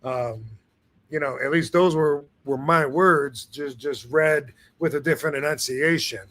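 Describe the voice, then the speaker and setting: Laid-back bright-voiced male host. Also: fairly high pitch, a little slow. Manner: laid-back, rambling with many fillers and restarts. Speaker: show host. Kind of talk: casual live-stream chat.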